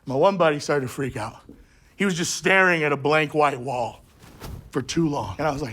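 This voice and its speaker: A young man tells stand-up stories in a high, bright voice. He builds each tale in a steady rhythm, then erupts into sudden shouted punchlines. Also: a little fast. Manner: punchy anecdotes with sudden loud outbursts. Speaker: stand-up comedian. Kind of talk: stand-up storytelling.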